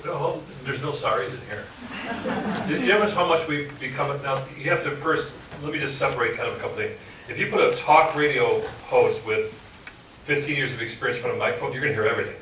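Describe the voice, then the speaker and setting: A man's voice: medium pitch, quick pace. Radio host guy giving a talk to a room full of people, jokey and blunt, mic kinda far off, echoey and noisy. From Upper Michigan. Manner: frank, joking, animated storyteller. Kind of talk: motivational talk to a live audience. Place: indoor meeting room with audience.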